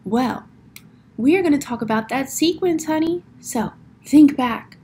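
Lively teacher woman reading aloud. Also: sits high, measured pace, slight background noise. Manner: animated, asks the class questions, acts out sound words. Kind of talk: reading a picture book aloud to children.

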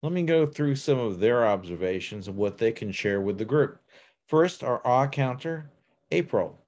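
A man's voice: mid-range voice, lively intonation, moderate pace, darkish tone. A man chairing an online club meeting and giving polite introductions. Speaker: general evaluator and meeting chair. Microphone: video call.

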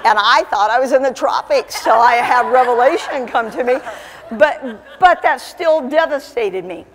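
A woman's voice: a little high, moderate pace. Woman evangelist preaching in a reverberant church. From Alaska. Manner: storytelling with humor, building to fervent preaching. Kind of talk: sermon. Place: church sanctuary.

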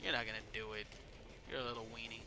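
A man giving casual let's play commentary over a wrestling game, excitable and swearing, yelling at the game and shouting out moves. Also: fairly low pitch, fast, background noise. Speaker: gameplay commentator.

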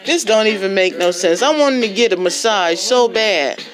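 Over music, a woman with a child and parents delivers an impassioned testimony as a religious vlogger, exhorting listeners and repeating points for emphasis. She speaks expressively in a mid-range voice at a moderate pace.

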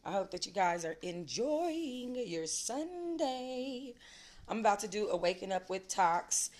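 A woman's voice: medium pitch, very animated, unhurried, darkish tone. A woman hosting a casual livestream, talking emphatically in slang and greeting her chat. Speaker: livestream host.

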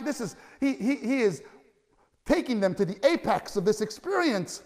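A man with a high, light voice preaches a sermon in a reverberant church hall. He speaks in a lively, conversational way, stumbling over restarts and rising to loud cries at the climaxes. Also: moderate pace. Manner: stammering restarts, conversational asides. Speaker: pastor.

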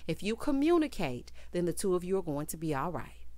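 A woman's voice: lowish voice, very animated, fairly quick, dark tone, dry recording. A woman giving a sassy, casual recap of a reality show, talking straight to her viewers. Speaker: TV recap reviewer.

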